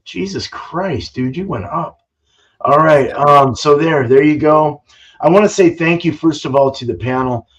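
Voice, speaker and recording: A man's voice: a little high, normal speed. A man hosting a casual home-brew live stream, talking loosely with lots of fillers and swearing. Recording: dull lo-fi stream audio.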